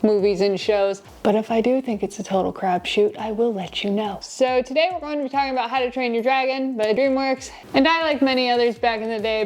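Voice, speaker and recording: A woman reviewing a film in a casual, sarcastic, rambling way, recorded on a lapel mic in her shirt. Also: fairly high pitch. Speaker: movie reviewer.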